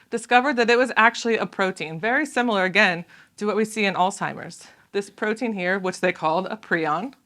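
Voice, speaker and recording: A woman author and scientist speaking at a public lecture. She talks in a measured, earnest way with thoughtful pauses, and reads aloud from her book. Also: medium pitch, sharp tone. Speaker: author and scientist giving a talk.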